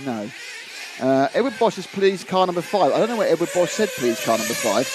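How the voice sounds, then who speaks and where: A man's voice: on the high side, sing-song, fairly quick, noisy background. A man doing live commentary on a model car race, chatty and reading out viewer comments.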